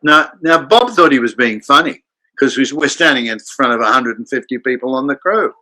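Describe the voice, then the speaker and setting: An older man from Australia, a guest actor telling anecdotes in an animated way and acting out the voices in his stories. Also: mid-range voice, brisk, low-quality recording. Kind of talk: anecdotal storytelling in a chat.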